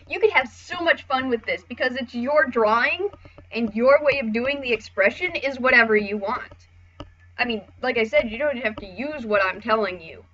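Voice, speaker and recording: Casual female art tutor, bright tone, slightly muffled lo-fi mic. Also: on the high side. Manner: chatty, casual, swears, acts out voices.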